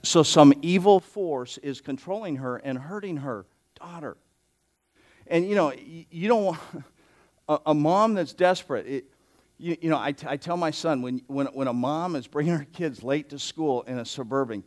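A man's voice: medium pitch, moderate pace. A man preaching an expository sermon as a pastor, conversational and given to joking asides.

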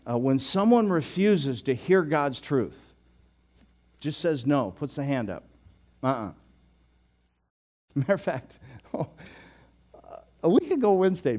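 Older male pastor preaching a sermon. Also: medium pitch. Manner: storytelling with chuckles, animated and loud in anecdotes; repeats words, restarts.

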